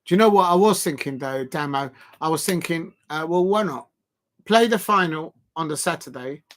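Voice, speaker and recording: A man's voice: on the high side, normal speed, a bit bright. A man hosting a casual live stream, rambling and joking, with the odd mock moan. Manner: rambling, jokey, prone to mock moaning.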